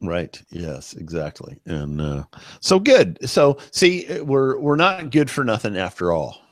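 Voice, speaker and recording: Male co-host, sarcastic and halting, widely swinging pitch, dry sound. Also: wildly swooping pitch, dry recording. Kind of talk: casual chat.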